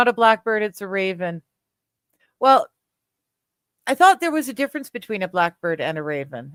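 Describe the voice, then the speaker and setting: Chatty Canadian woman with a smooth voice. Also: mid-range voice, fairly bright tone, no echo, studio quality. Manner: chatty, laughs often, trails off with fillers. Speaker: livestream host. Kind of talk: casual chat reading viewer comments.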